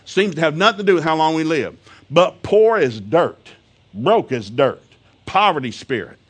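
A man's voice: fairly high pitch, animated, normal speed, husky. A middle-aged man preaching a folksy, humorous sermon, telling family stories and laughing often.

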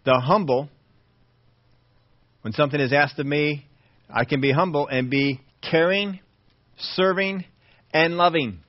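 A man's voice: fairly high pitch, a little slow, long pauses, no echo. A man preaching a sermon to his congregation, asking rhetorical questions and answering them. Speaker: pastor. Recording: dull, dry lo-fi sermon audio.

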